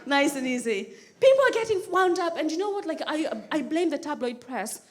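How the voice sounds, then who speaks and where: Onstage at a comedy club, a Kenyan stand-up comedian with a high voice delivers her set a little fast. She's animated and mimics the voices of others, while the live recording picks up laughter and crowd noise.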